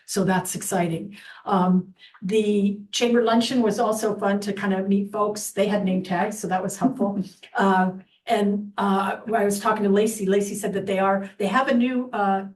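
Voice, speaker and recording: A woman's voice: mid-range voice, fairly even intonation, moderate pace. A woman on a city council giving her report at a meeting, chatty and rambling, with many fillers. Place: council chamber. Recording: roomy chamber, distant mic.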